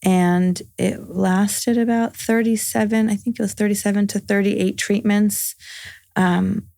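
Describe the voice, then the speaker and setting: Gravelly-voiced woman in her forties. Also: medium pitch, fairly even intonation, a little slow, warm tone, dry recording, clean studio sound. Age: 40s. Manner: earnest, recounts events with reported dialogue. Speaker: podcast guest. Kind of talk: personal storytelling in casual conversation.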